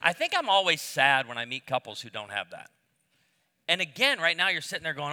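A man's voice: high voice, sing-song, a little fast, bright, forceful tone, big-room sound. A middle-aged man preaching on marriage to a live audience, telling stories with humor and self-deprecating asides. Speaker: pastor speaking on marriage. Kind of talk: sermon-style talk to a live audience.

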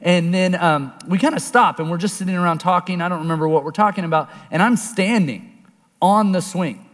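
Male storyteller-preacher, high tenor, lively story voices that turn hushed for the serious part, long hall reverb. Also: fairly quick. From Oklahoma. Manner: animated storyteller, acts out voices, drops low and quiet for serious points. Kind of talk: storytelling sermon.

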